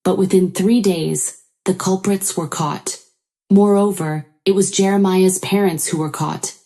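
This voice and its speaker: A woman narrating a first-person story in an even, measured way. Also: mid-range voice.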